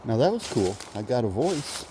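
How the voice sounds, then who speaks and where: A man vlogging on a walk through the woods, musing in halting speech and now and then calling out loudly. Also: medium pitch, sing-song, background noise. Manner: musing, halting, with sudden loud call-outs. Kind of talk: rambling walk-and-talk vlog. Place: outdoors in woods.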